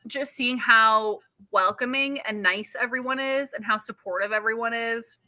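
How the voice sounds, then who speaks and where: A woman's voice: fairly high pitch, normal speed, pushed and bright. A woman co-hosting a casual video chat, earnest and self-deprecating.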